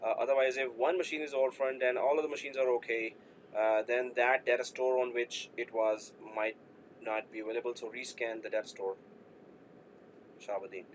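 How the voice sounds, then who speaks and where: A man's voice: mid-range voice, flat delivery, moderate pace, a little hiss or hum, poor audio. A man teaching a live online IT class, explaining with playful asides and jokes. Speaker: IT instructor.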